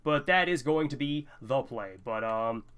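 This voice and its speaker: A man's voice: mid-range voice, measured pace, a bit bright, clean tone. A man giving casual, rambling commentary while playing a video game, often tripping over words. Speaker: let's play host.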